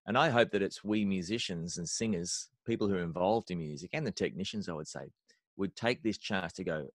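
Animated low-voiced man, dry sound. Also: brisk, no room sound. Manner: animated, emphatic, repeats words when starting phrases. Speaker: worship leader mentor and podcast guest. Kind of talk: conversational interview.

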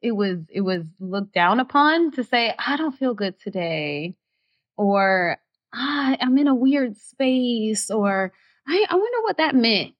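Expressive woman, slightly dull audio. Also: fairly high pitch, slow pace. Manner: expressive and heartfelt, voice rising when excited. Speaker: actress guest. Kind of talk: candid podcast interview.

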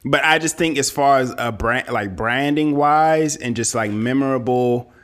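A man co-hosting a podcast in casual chat, relaxed with drawn-out phrasing. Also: mid-range voice.

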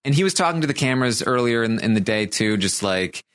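A man co-hosting a casual recap podcast, talking in a halting way with many fillers and restarts. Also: mid-range voice, expressive, fairly bright tone, clear, resonant tone, dry recording, studio quality. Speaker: podcast co-host recapping a reality show.

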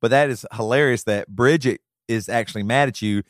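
A man's voice: medium pitch, no room sound, clean studio sound. A man co-hosting a podcast, teasing the others in casual chat. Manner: teasing, quick back-and-forth with laughs. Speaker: podcast co-host.

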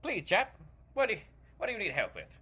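Brief: pompous famous actor with a British accent, put on by a man, patronizing, animated delivery. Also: high voice, brisk, slightly rough, voice pushed up, exaggerated voice. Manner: grand and patronizing, calls others 'dear fellow' and 'chap'. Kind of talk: comedy sketch.

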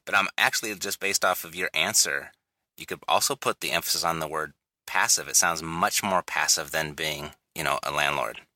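Host: man with a very low voice, sharp bright tone, dry close sound, short affirming interjections. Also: moderate pace, no room sound. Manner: brief affirming interjections, relaxed questions. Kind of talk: casual interview talk.

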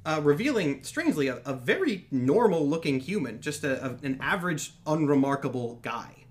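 A man's voice: on the high side, very animated, moderate pace, a little hiss or hum. A man narrating as dungeon master in loose, hedging speech, often breaking into laughter. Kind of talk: narrating a tabletop game.

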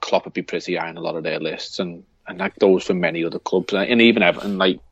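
A podcast co-host with a Liverpool accent rambles through casual chat, hesitant and full of fillers, often restarting his sentences. He has a deep voice with fairly even intonation and talks fast, on a dry recording with the highs cut off.

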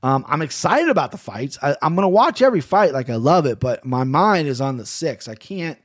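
A man's voice: a little high, very animated, brisk, no room sound, clean studio sound. Laid-back rambling podcast host man. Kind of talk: casual podcast fight picks. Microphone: podcast mic on camera.

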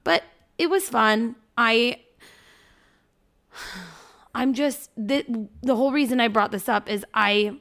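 A woman's voice: on the high side, slow pace, pauses often, a bit bright. A woman in her thirties co-hosting a casual podcast, telling a story with plenty of swearing and acting out the people in it. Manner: swears freely, acts out quoted people when telling stories. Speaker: podcast co-host. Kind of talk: casual chat.

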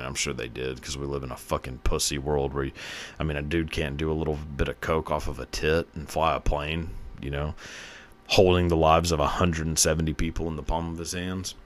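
A man's voice: a bass voice, a bit bright. A young man hosting his own podcast, talking casually in a crude, profane, joking way and laughing often. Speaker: podcast host. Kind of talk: casual solo podcast monologue.

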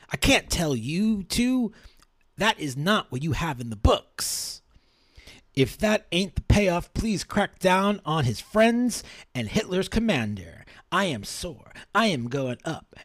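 A feverish dying gangster drawls in a high, sing-song Southern voice, as a man puts him on, rambling and halting through broken thoughts. The swoops in pitch are wide and lively. The sound is close and dry. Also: no echo, exaggerated voice. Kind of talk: playful dramatic reading.

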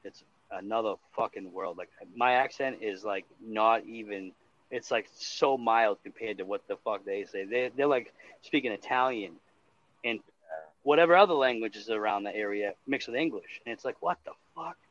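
A man's voice: on the low side, moderate pace, a bit bright, slight background noise. A man from Massachusetts with a Boston accent, chatting casually on his stream, rambling loosely and swearing constantly. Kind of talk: casual chat. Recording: dull lo-fi sound.

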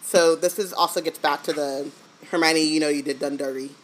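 A woman co-hosting a casual book-club podcast, playful, laughing often and firing back quick jokes. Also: low voice, fairly even intonation, a little hiss or hum, poor audio. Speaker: podcast co-host.

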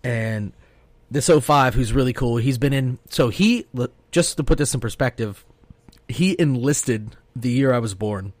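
Dry, animated man telling stories. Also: mid-range voice, a little slow, dry recording. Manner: animated, profane, quotes people in voices. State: sleep-deprived. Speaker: podcast co-host. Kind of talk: casual storytelling chat.

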